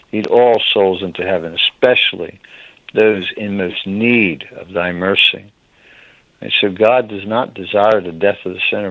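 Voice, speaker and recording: A man with a lowish voice preaches an earnest sermon, frequently calling his listeners beloved and choking up with emotion. The recording is dry, echo-free, and narrow like a phone.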